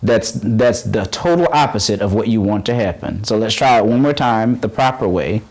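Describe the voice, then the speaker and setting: A man teaching a beginner's voice lesson, patiently guiding breathing and warm-up exercises and encouraging often, with frequent halting restarts. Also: on the low side, expressive. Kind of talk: on-camera voice lesson.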